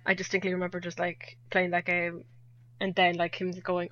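A woman's voice: on the low side, monotone, normal speed, a bit bright, no room sound. Irish woman, young adult, chatty guest who laughs a lot; muffled lo-fi audio. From Ireland. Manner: chatty, laughs often, self-deprecating. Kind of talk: casual chat. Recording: dull lo-fi dry audio.

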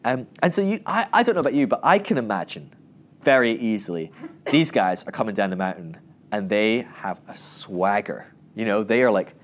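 There's slight background noise as a man with a lowish voice, at a moderate pace, gives a relaxed Bible teaching talk. He acts out the characters in the stories with lively delivery, wandering off into asides and restarting often.

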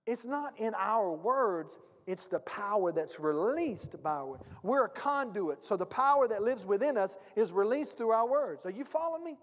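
A man's voice: high voice, lively intonation, normal speed, few pauses. A male pastor preaching a sermon, emphatic and speaking directly to his congregation. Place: church sanctuary. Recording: long reverb of a church hall.

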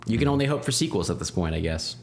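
Guy chatting on a podcast, lowish voice, laid back and laughs a lot. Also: fast talker. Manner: relaxed, chatty, laughs easily. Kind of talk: casual chat.

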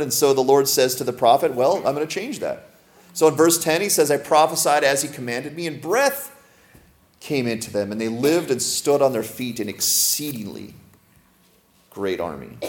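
Man preaching with rhetorical questions. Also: on the high side. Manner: slows and softens when reading scripture aloud; joking asides with laughter. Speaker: pastor. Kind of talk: sermon.

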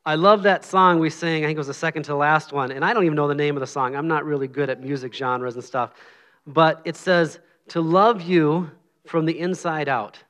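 A man's voice: fairly high pitch, brisk, a bit bright, clean tone. A middle-aged man giving an informal, earnest sermon as a lay preacher, humble and conversational, with prayer and scripture.

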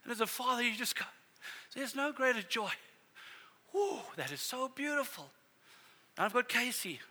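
A middle-aged man preaching a sermon as a pastor, telling family stories in a conversational, animated way. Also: very high voice, brisk, breathy edge.

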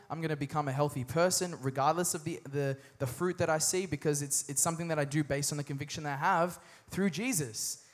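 High-voiced lively young male preacher. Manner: energetic, humorous, with call-and-response to the crowd. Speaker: pastor. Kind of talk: sermon.

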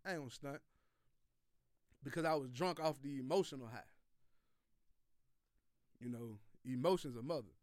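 A man's voice: mid-range voice, moderate pace, long pauses, darkish tone, no room sound, studio quality. A man hosting a sports podcast, delivering a loose, profane, slangy rant with lots of repeated phrases. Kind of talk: casual sports commentary monologue.

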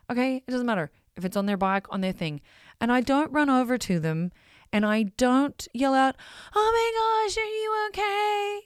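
A woman's voice: medium pitch, smooth, dry recording, clean studio sound. A woman, a parent of school-age kids, talking in a blunt, emphatic, casual monologue and swearing freely. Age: adult parent of school-age kids.

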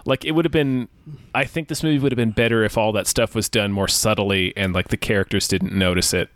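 A man co-hosting a casual movie-review chat, measured, often restarting his words. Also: lowish voice, steady tone, a bit bright, dry recording, studio quality. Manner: measured, with repeated starts. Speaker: podcast co-host.

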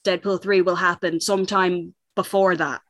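A woman co-hosting a podcast, chatting casually and excitedly, laughing often and rambling with fillers. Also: on the low side, normal speed, no room sound. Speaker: podcast co-host. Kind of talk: casual chat.

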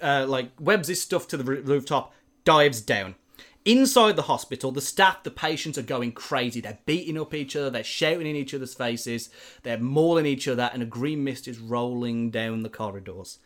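A man's voice: mid-range voice, normal speed, a bit bright. A man animatedly telling a story in casual chat, with lots of filler words.

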